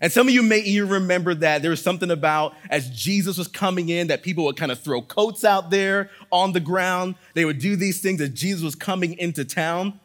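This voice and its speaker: A man's voice: high voice, fairly quick, hardly any pauses, fairly bright tone. A man preaching a sermon as pastor, leading a prayer and then teaching in an earnest, emphatic way with repeated phrases.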